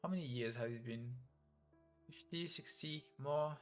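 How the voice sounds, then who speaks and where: A grieving old abbot from a video game story, read aloud by a man. He speaks slowly and heavily, every line weighed down by decades of loss and doubt. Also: fairly high pitch, soft background music, natural voice. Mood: sorrowful. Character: weary old male abbot, sorrowful and devout.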